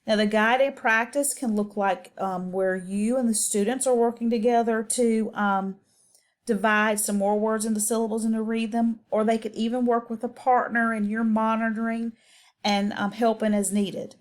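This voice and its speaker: A woman's voice: fairly high pitch, little pitch movement, moderate pace. Patient woman explaining a reading lesson. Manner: patient, step-by-step explaining, occasional um. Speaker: teacher. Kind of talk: instructional voice-over.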